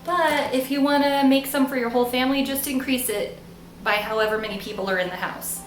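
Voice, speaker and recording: Playful young female cooking host, bright and light in pitch, recorded in a roomy space. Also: a little fast, slight background noise. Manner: chatty and playful, laughs at herself. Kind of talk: casual how-to cooking demonstration.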